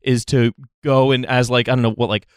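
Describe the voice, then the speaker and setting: A man from Canada co-hosting a podcast, chatting casually in a rambling, halting way with many restarts. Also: mid-range voice, flat delivery, clear, resonant tone, no echo, clean studio sound. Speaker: podcast co-host. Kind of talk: casual chat.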